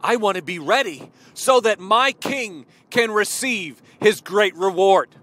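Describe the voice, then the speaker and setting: A male preacher with a high, bright voice tells a story and then presses his listeners with pointed questions. He speaks slowly and emphatically, stretching out his phrases. A faint hum of noise sits underneath. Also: lively intonation. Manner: emphatic, addresses listeners directly. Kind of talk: sermon storytelling.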